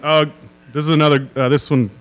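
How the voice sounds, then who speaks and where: A man guesting on a live comedy podcast, reading out jokes in a deadpan, rambling way. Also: on the high side, fairly quick, slight background noise. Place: live show venue with an audience.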